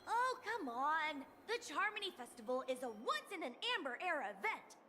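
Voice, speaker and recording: An actress voicing an eager young girl excited about a festival, chirpy and excitable. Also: sits high, normal speed, slight background noise, exaggerated voice.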